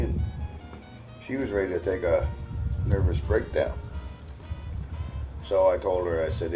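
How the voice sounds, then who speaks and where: A man's voice: sits low, measured pace, pauses often, mellow, soft background music, rough recording. A man from Cape Breton with a Cape Breton accent, telling a folksy story to viewers outdoors in the snow. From Cape Breton, Nova Scotia, Canada. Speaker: vlogger.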